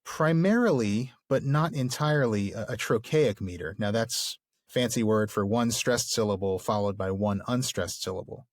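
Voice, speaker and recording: A man's voice: on the low side, moderate pace, no echo, studio quality. A man co-hosting a podcast, explaining literature casually and enthusiastically, with plenty of fillers. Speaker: podcast co-host.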